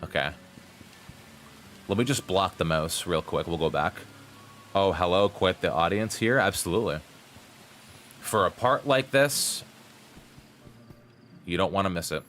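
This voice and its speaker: A man's voice: low-pitched, measured pace, pauses often, fairly bright tone, a little hiss or hum. A man giving chatty live-stream commentary on a game, rambling and slipping in puns.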